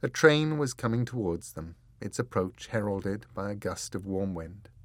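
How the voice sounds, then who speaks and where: A man reading an audiobook in measured, deliberate scripted narration, close to the mic. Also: fairly low pitch, lively intonation, no echo.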